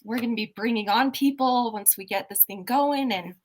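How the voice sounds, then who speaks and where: A woman hosting a casual podcast chat, animated and exclamatory. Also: a little high, moderate pace, background noise. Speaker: podcast host.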